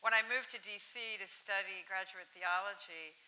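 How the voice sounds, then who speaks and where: A woman on a university panel reflecting earnestly and thoughtfully on her calling, with soft ums. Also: medium pitch, fairly even intonation, normal speed, poor audio. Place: university lecture hall.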